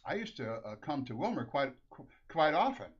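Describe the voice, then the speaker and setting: A man's voice: medium pitch, very animated, moderate pace, breathy edge. A man voicing a chatty stranger at a gas pump, talking in a casual drawl. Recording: dull lo-fi recording.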